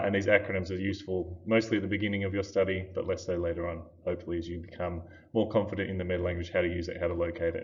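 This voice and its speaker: Male teacher, deep voice, laid-back lecturing, muffled recording. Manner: casual, with frequent fillers. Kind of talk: recorded lecture over slides.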